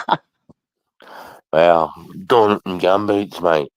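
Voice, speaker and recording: A deep-voiced man hosts a casual live stream. His low voice sounds dry and close. He chats loosely, swears freely and greets viewers as they come in. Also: slow pace, clean tone, dry recording, lo-fi sound. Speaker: livestream host.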